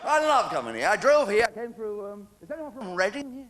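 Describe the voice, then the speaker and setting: A man's voice: high-pitched, very animated, brisk, long reverb tail. An older English man doing a stand-up comedy routine, chatty and cheeky, chuckling between jokes. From England. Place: theatre stage with a live audience. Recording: noisy 1990s VHS stage recording.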